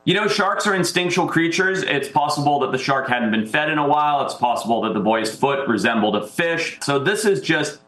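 A man, a wildlife expert, explaining calmly in an interview. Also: on the high side, a little fast, few pauses, roomy sound, low-quality recording.

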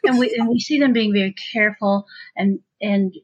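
A woman's voice: medium pitch, normal speed, husky. A woman in casual conversation, chatty and rambling, often restarting her sentences. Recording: dull lo-fi sound.

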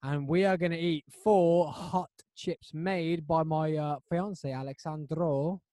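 A man hosting a casual podcast chat from a home studio, excitable and quick to laugh. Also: on the high side, dry recording. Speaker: podcast host.

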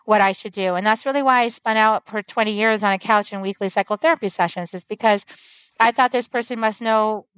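A woman's voice: mid-range voice, fairly quick, a bit bright, clean tone, dry recording, rough recording. A woman guest on a podcast, talking in an earnest, flowing, teacherly way about spiritual growth. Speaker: guest author and medicine woman. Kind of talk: casual podcast conversation.

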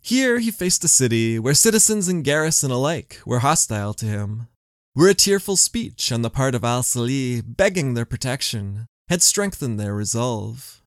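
A man's voice: medium pitch, sing-song, normal speed, no echo, studio quality. A man hosting a history podcast, telling the story in scripted narration with wry asides.

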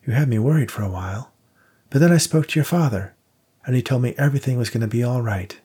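A man voicing a gentle older mother who soothes her injured son, in an audiobook. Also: medium pitch, animated, fast, slightly rough, pitched above the performer's own voice. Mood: tender. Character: gentle elderly mother, believer in mediums.

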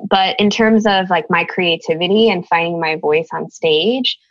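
A woman's voice: lowish voice, normal speed, dry recording, dull audio. A woman raised in the United States, speaking as an interview guest in an earnest, thoughtful way, searching for her words. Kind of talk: reflective conversation.

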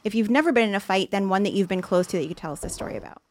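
A woman's voice: mid-range voice, racing. A woman co-hosting a casual podcast, leading the segments and laughing easily. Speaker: podcast co-host.

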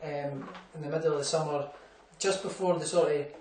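A slightly high, slightly mellow voice with fairly even intonation belongs to a young Scottish boxer talking a little fast. Recorded off-mic from a distance in an echoey room with a faint hum, he meanders through anecdotes in a casual interview, full of fillers and laughs.

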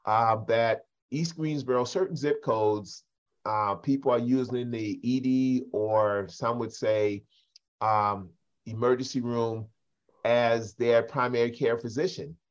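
A man's voice: mid-range voice, steady tone, slow pace, dull audio. An older man with a South Carolina Geechee accent, a pastor and community advocate speaking on a discussion panel, telling folksy stories and addressing the others by name.

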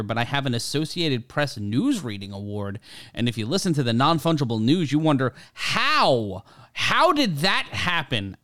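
A man's voice: mid-range voice, fairly bright tone, clear, resonant tone, no echo, clean studio sound. A man from Brooklyn hosting a podcast, chatting casually in a polished broadcaster's way. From Brooklyn, New York. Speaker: podcast host. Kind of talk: casual chat.

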